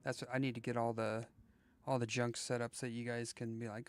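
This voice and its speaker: A man's voice: mid-range voice, level tone, a little fast, clean tone. A man streaming a game and chatting casually, rambling with lots of fillers and playfully slipping into sing-song voices. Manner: rambling, with many "like" and "you know" fillers. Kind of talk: casual live gameplay chat.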